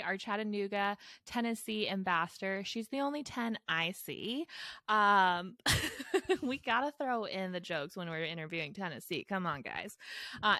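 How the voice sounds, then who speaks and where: A woman's voice: mid-range voice, a bit bright, no room sound, clean studio sound. A woman co-hosting a mom podcast, bubbly and joking as she introduces her guest. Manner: bubbly and jokey. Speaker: podcast co-host. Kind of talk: casual podcast chat.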